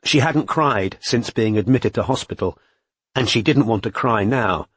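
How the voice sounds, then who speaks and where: A man reading a crime novel as an audiobook narrator, in an even, measured way. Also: medium pitch, husky, no echo. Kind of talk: scripted narration.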